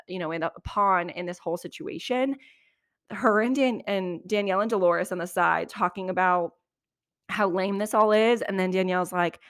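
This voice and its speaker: A young woman hosting a podcast, giving a chatty, opinionated recap of reality TV with quick asides. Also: mid-range voice. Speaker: podcast host.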